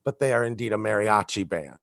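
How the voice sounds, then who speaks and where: A man's voice: lowish voice, brisk, vocal fry, a bit bright, no room sound, clean studio sound. A man co-hosting a podcast in casual chat, laughing often and talking enthusiastically. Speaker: podcast co-host.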